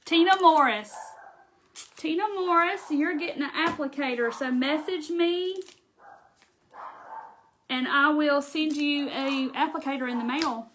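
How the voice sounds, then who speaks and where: High-voiced woman with a thick Southern accent. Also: unhurried, pauses often, fairly bright tone, a little hiss or hum. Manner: chatty, reads out and thanks viewers' comments while working. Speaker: craft livestream host. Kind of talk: casual live crafting chat.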